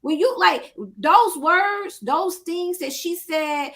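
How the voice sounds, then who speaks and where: Woman co-host, animated and emphatic, bright high voice. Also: slow pace. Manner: animated, emphatic storytelling with quoted asides. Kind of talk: casual chat.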